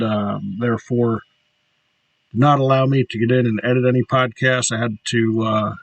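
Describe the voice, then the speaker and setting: A man hosting his podcast, talking through a reflective solo monologue with frequent pauses and fillers. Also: medium pitch, no room sound, dull audio. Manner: reflective, halting with many fillers. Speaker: podcast host.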